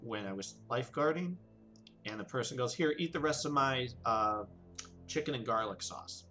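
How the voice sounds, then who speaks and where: A man co-hosts a casual podcast and tells a story with plenty of life in his voice. His pitch swings widely and now and then jumps into loud, high bursts. Faint music plays behind him. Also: animated, moderate pace. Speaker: podcast co-host.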